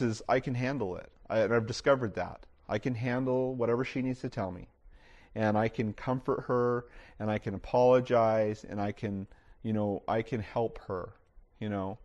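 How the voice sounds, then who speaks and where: A man's voice: fairly low pitch, darkish tone, highs cut off. Middle-aged man preaching casually. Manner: casual, frequent "you know" fillers and restarts. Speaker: pastor. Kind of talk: conversational sermon.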